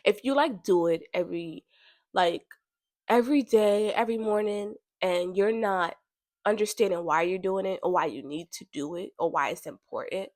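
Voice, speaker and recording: A woman talking casually about spiritual growth, chatty and animated, with features, laughing now and then and jumping higher when she quotes herself. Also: moderate pace, dry recording, studio quality. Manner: chatty and animated, laughs often, bursts high when quoting. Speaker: podcast host.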